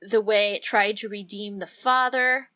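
A woman's voice: medium pitch, steady tone, measured pace, bright, forceful tone. A woman co-hosting a casual book podcast, asking questions in a chatty way. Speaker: podcast co-host. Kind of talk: casual chat.

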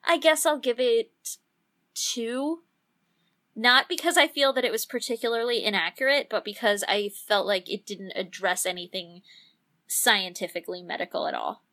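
A woman with a bright, edgy voice, a little above the usual pitch, co-hosts a relaxed book podcast. She asks questions in a chatty, curious way. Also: normal speed. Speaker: podcast co-host. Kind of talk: casual chat.

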